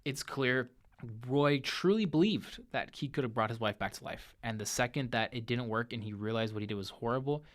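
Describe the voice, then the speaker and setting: A young man hosting a movie review show, retelling a film's plot in a casual, animated monologue and briefly acting out the characters' lines. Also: medium pitch, brisk. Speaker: podcast host reviewing movies.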